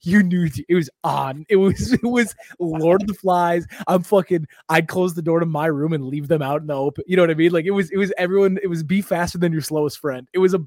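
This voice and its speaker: Fast-talking podcast comedian man. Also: on the high side, steady tone, a little mellow, no room sound, studio quality. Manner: rambling, joking, laughs often. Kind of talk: casual comedic chat.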